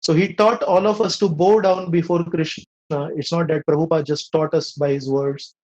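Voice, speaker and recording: A man's voice: on the high side, fairly even intonation, moderate pace, darkish tone, muffled recording. A man with an Indian accent teaching a scripture class in a conversational way, often asking his listeners rhetorical questions.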